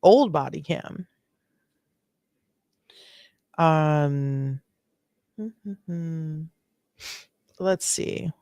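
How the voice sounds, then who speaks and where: Chatty, low-voiced woman streamer. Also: drawn-out words, warm tone, dry recording, clean studio sound. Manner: chatty, swearing, laughing asides. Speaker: livestream host reacting to videos. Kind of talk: casual live reaction commentary.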